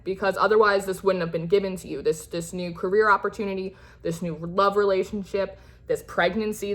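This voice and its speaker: A woman's voice: medium pitch, fairly bright tone. A young woman giving a casual, reassuring tarot reading, chatty and rambling, with many fillers and restarts. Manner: reassuring and encouraging. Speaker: tarot reader.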